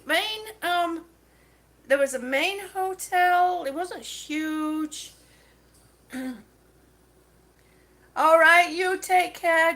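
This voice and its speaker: A woman on oxygen, hosting a livestream and telling stories, chatty and quick to laugh. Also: sits high, fairly bright tone. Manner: chatty storyteller, laughs often. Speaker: livestream host. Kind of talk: casual chat, reading viewer comments.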